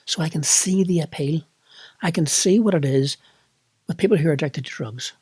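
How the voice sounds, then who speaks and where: A man's voice: on the high side, normal speed, darkish tone, breathy edge, no echo. A middle-aged man with a Northern Irish accent, candidly recounting a personal experience in a reflective monologue. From Northern Ireland. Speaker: vlogger.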